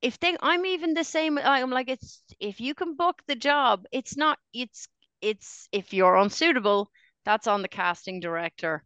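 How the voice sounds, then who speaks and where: A woman's voice: moderate pace, smooth, no room sound. Chatty woman, dry mic. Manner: animated, jokey, sudden high exclamations. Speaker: podcast co-host. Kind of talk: casual pub chat.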